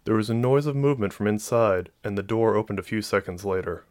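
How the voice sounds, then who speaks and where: A man narrating a novel as an audiobook in a steady, even storytelling voice. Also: lowish voice, fast talker, no echo.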